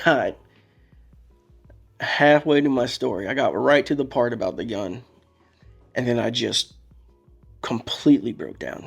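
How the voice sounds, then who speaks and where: Man, podcast guest, candid emotional storytelling, faint music. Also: medium pitch. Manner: candid, emotional, rambling with restarts. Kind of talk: casual storytelling.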